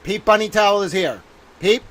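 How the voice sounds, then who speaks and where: A man's voice: high-pitched, normal speed, fairly bright tone. A man hosting a livestream, ranting in an exasperated, theatrical way, swearing often and repeating himself. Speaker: livestream legal commentator. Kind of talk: solo livestream rant.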